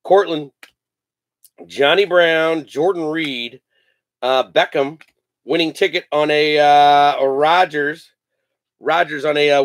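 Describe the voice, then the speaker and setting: With a slightly high voice and no echo in the recording, this man runs a live card break, cracking jokes, laughing and calling out player names as the packs get opened.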